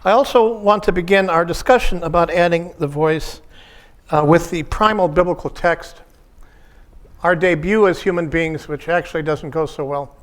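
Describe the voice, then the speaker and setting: Guy with a pretty high voice, pastoral counselor doing a workshop talk, slow thoughtful little phrases. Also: fairly even intonation. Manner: contemplative, speaks in short measured phrases.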